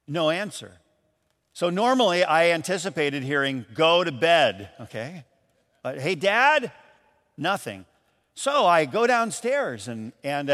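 High-voiced pastor in a reverberant hall. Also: male voice, measured pace. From Michigan, USA. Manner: animated storyteller, calls out lines in a raised voice. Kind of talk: sermon storytelling.

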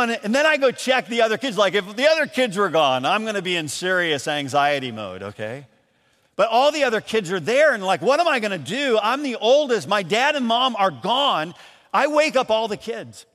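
A pastor preaching in a large hall, his high voice trailing into a long reverb. He tells stories with animation and calls out lines loudly. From Michigan, USA. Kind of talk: sermon storytelling.

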